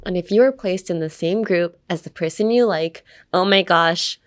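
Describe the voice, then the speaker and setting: A woman's voice: fairly low pitch, moderate pace, mellow. Chatty young woman teaching pronunciation. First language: English. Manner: chatty, playful, demonstrates words repeatedly. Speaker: podcast host teaching English pronunciation. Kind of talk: casual podcast lesson.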